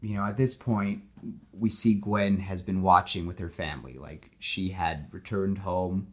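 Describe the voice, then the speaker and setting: Low-voiced man telling a story. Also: a little slow. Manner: animated storytelling with many fillers. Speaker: podcast host pitching a story. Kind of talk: casual chat.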